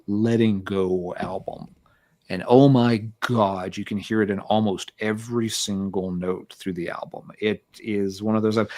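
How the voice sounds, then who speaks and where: In a fairly low, darkish voice, a music podcast co-host rambles casually through a review chat, full of fillers and restarts.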